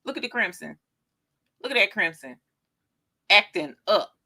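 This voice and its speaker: A woman in her forties hosting a casual craft live stream, gushing and exclaiming excitedly and talking straight to her viewers. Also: medium pitch, moderate pace. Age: 40s. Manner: talks straight to viewers as "y'all". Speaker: craft show host.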